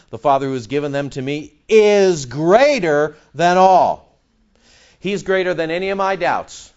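A man preaching a sermon as pastor, animated and sarcastic, firing rhetorical questions at the congregation. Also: fairly high pitch, dull audio.

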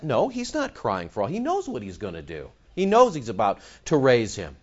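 A male pastor preaching a sermon with emphatic stress that swings between loud points and soft asides. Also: mid-range voice, wildly swooping pitch, a little fast, hardly any pauses, lo-fi sound.

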